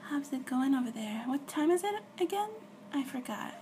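A woman in a whispered role-play as a girlfriend on a video call, talking softly and affectionately and often dropping to a whisper. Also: high-pitched, animated, normal speed, slight background noise.

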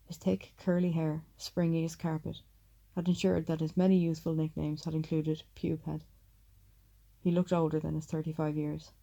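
A woman reads an audiobook at a measured, steady pace. Her voice is very dark and gravelly, and she sits low with a flat, even delivery. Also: lo-fi sound. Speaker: audiobook narrator. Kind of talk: audiobook narration.

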